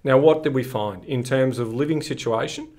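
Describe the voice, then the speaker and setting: A man's voice: mid-range voice, moderate pace, a little mellow. An Australian man co-hosting a finance podcast, joking and ribbing his partner in casual chat. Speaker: podcast co-host.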